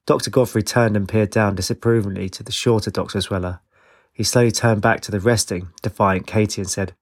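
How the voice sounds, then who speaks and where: Male audiobook narrator, low gravelly voice, measured read, dry close recording. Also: steady tone, no room sound.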